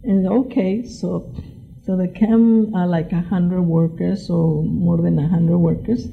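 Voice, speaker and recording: An older woman, a former farm worker, recalls her union days in halting English full of fillers and restarts. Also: lowish voice, little pitch movement, creaky. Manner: halting, non-native grammar, many fillers and restarts. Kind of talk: personal oral history storytelling. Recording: tinny phone-like recording.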